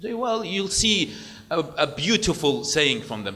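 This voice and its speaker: Male preacher, sermon delivery, slightly high voice, very lively pitch. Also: moderate pace. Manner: animated lecturing, acting out parent quotes.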